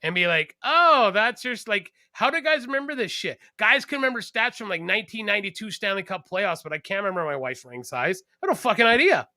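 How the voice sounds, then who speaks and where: A man hosting a podcast, telling a story with lots of cursing and animated energy. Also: high voice, fast, hardly any pauses, dry recording, studio quality. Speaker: podcast host, garbage collector. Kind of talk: casual podcast chat.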